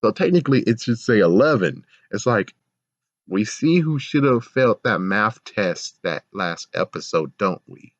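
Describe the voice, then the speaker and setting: A man's voice: fairly low pitch, expressive, measured pace, no echo. A man giving a casual episode review, ranting sarcastically, laughing often and swearing. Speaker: show reviewer. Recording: dull, lo-fi, dry sound.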